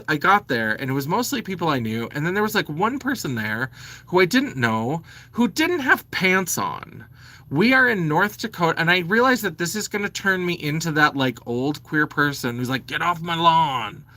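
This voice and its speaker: A man in his forties rants to camera from home, blunt and fed up, with curses dropped in freely. His voice is lively, climbing and falling through each complaint. The tone is bright and tense. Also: fairly high pitch, moderate pace. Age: 40s. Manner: animated, blunt, sweary, exasperated. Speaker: vlogger. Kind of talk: ranting to camera.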